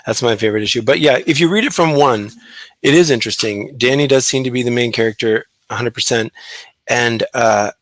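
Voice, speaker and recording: A man's voice: mid-range voice, brisk, fairly bright tone, dry recording. A man chatting casually on a podcast about comics he loved, enthusiastic and rambling with restarts. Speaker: guest comic artist.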